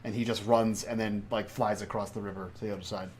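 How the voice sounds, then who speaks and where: A man's voice: lowish voice, steady tone, fast, a little mellow, slight background noise. A man playing a tabletop game, thinking aloud about his moves with plenty of fillers. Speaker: player. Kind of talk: casual tabletop play.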